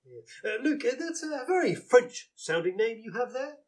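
A man doing a blustering, high-voiced bumbling inspector. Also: big pitch swings, moderate pace. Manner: blustering, stammering, chuckling at himself. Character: pompous, bumbling male police inspector. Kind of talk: live comedy sketch reading.

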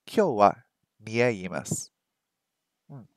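A man's voice: on the low side, very animated, moderate pace, darkish tone, no echo, clean studio sound. Man thinking aloud while drilling phrases. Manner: thinks aloud, repeats phrases over and over, self-mocking. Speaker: streamer learning a language. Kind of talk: casual think-aloud study stream. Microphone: streaming microphone that picks up his voice weakly.

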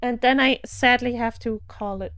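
A woman's voice: on the high side, steady tone, moderate pace, fairly bright tone, a little hiss or hum. A woman with a German accent, chatting casually while streaming a game, laughing and greeting followers. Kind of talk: casual live gameplay commentary.

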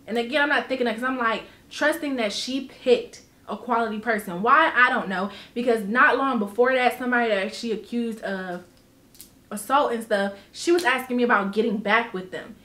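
A woman vlogger telling a personal story in casual storytime style, animated and emphatic, swearing freely. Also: fairly high pitch, moderate pace, echoey room.

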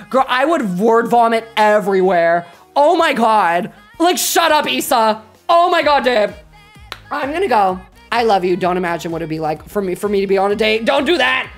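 A woman livestreamer rambling energetically through a casual sign-off, her voice a little croaky. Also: on the high side. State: slightly croaky. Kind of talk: casual stream sign-off chat.

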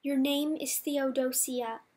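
A woman's voice: sits high, steady tone, slow, a little mellow. A woman reading the lines of a hardened young male rebel fighter in an audiobook, urgent and blunt. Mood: insistent.

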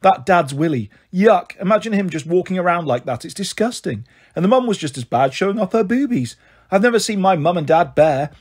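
A man's voice: high-pitched, lively intonation, brisk, a little mellow, slightly rough. A man voicing a giggly schoolgirl who whispers gossip. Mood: gossipy.

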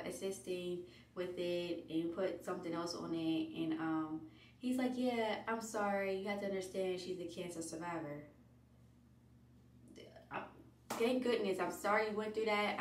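A chatty woman vlogger rambles through animated stories in a lowish voice, sounding out of breath. She's positioned far from the mic, so the casual chat comes through an echoey room with a faint hiss behind her.

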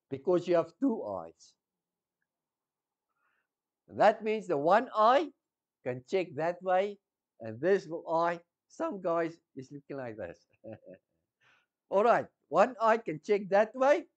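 A man preaching a sermon, teaching slowly, repeating key words and asking the congregation questions. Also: sits high.

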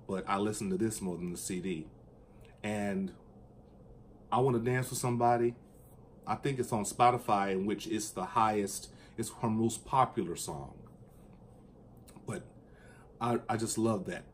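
A man chatting casually and enthusiastically about his record collection, at times singing along in a high falsetto. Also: a little hiss or hum. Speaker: vinyl collector vlogger. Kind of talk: casual chat.

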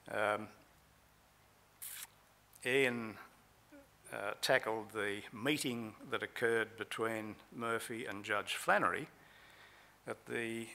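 In a conference hall, a man at the lectern recounts a trial in a measured manner, pausing often. His slightly low voice has a gravelly edge and a bright, forceful tone.

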